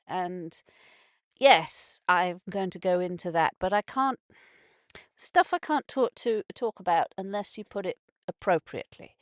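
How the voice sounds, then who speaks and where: A woman's voice: mid-range voice, no room sound, studio quality. A woman hosting a casual morning radio show from a narrowboat, rambling with many restarts and swearing when upset. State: emotions heightened after a stroke. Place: narrowboat on a canal.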